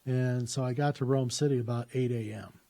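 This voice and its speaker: A man's voice: mid-range voice, fairly even intonation, fairly quick, gravelly, dark tone. A man telling a personal story in a casual, rambling way, with lots of "uh" fillers and restarts.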